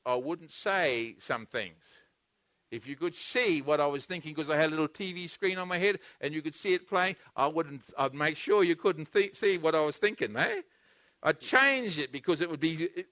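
A man preaching a sermon, earnestly and repetitively, swinging between loud emphatic bursts and hushed, intimate passages. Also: on the high side, expressive, normal speed, no room sound, studio quality. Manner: repetitive, earnest, with frequent restarts.

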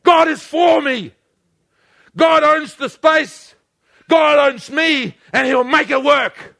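A male pastor delivering a fervent sermon in a high-pitched voice. His tone is bright and forceful, rising to shouts and then falling to quiet urging. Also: takes it slowly, vocal fry. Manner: impassioned preaching that swings from shouting to quiet; calls on the congregation to repeat lines.

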